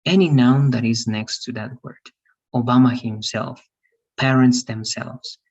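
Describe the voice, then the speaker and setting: A man's voice: mid-range voice, fairly even intonation, measured pace, darkish tone, breathy edge, low-quality recording. A man teaching an online English grammar lesson, explaining patiently and checking often that his students follow. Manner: patient, repetitive explaining with frequent "all right?" checks.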